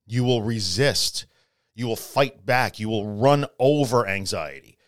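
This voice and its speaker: Man, middle-aged, podcast host, casual solo talk, emphatic, repeats key points, low voice, dry close mic. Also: expressive, measured pace, no echo.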